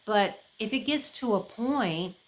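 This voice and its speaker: A woman from the United States, chatting casually to camera as a vlogger, rambling and expressive, with many fillers and restarts. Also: medium pitch, unhurried, low-quality recording. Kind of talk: casual chat.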